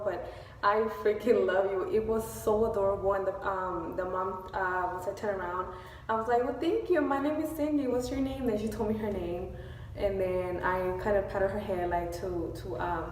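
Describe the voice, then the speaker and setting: A woman's voice: mid-range voice, slight background noise. Gushing woman vlogging from work. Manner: emotional, gushing, many fillers. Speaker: beauty vlogger. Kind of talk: casual vlog update. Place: at her workplace in a store. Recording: echoey, distant, faint store ambience.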